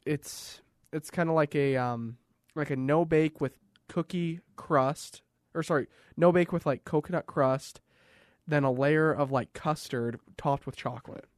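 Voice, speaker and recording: A man's voice: fairly high pitch, a little slow, dry recording, clean studio sound. A man in his twenties from Canada, co-hosting a podcast in a casual, joking chat. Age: 20s. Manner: joking, animated storytelling. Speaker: podcast co-host.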